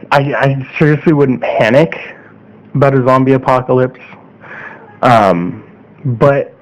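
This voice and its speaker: A man talks straight to his audience in a casual opinion monologue, earnest and mid-pitched, tagging his points with a questioning "okay?". The sound is slightly dull and lo-fi. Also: darkish tone. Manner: earnest, repeats "okay?" often. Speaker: vlogger.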